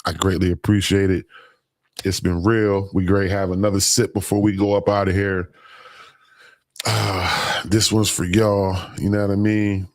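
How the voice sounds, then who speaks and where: A man hosts a relaxed livestream, cursing freely and breaking into laughter as he reads viewer comments. His voice sits low. The sound is dry and close, with no room around it. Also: a little slow, no room sound. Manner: profane, laughs a lot, reads comments aloud. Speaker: livestream host. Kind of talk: casual live-stream chat.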